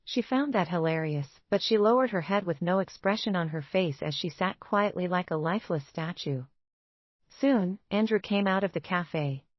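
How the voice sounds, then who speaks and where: Low-voiced woman narrating a romance. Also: animated, moderate pace, no echo, muffled recording.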